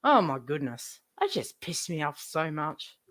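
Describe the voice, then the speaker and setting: A woman's voice: sits low, big pitch swings, a little slow, a bit bright. A woman live streamer ranting to her chat, indignant, swearing heavily and repeating herself.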